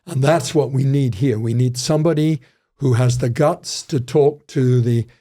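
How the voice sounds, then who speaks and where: A man's voice: mid-range voice, normal speed, mellow. An older man, a criminology professor, telling rambling stories with frequent restarts in a casual interview.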